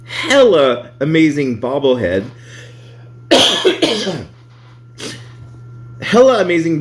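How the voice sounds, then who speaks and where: A man talks casually on his vlog, reading reviews aloud. His voice swings widely in pitch. He laughs often and curses freely. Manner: laughs a lot, swears freely, animated.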